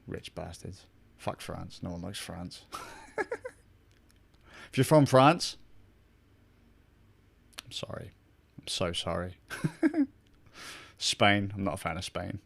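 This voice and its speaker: A man's voice: on the low side, gravelly. A young man chatting casually with his stream viewers, rambling, swearing a lot and laughing often. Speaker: gaming streamer.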